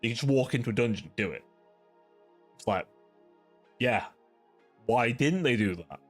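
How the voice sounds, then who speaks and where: With a mid-range voice, lively intonation, and a slightly slow pace, a livestream host chats casually to viewers while faint music plays behind. His talk is rambling, profane, and ranting, full of "like."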